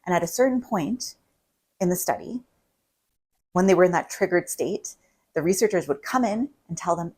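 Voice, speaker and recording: Talking at a normal speed with long pauses, this woman has a lowish, animated voice, darkish and slightly rough, captured in poor audio. She's a couples therapist giving casual advice to camera, conversational and full of "like" and tag-on "right?" asides.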